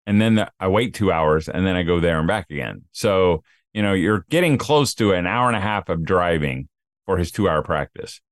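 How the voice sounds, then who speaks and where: A man's voice: low-pitched, no echo, clean studio sound. A middle-aged man co-hosting a casual podcast, telling rambling stories and acting out the people he quotes. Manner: rambling storyteller, acts out quotes. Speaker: podcast co-host. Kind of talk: casual chat.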